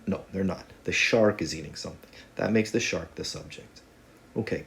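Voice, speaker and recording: A man's voice: low voice, moderate pace, vocal fry, fairly bright tone. A man teaching a casual video lesson on Spanish grammar, talking in a conversational, joking way with playful asides.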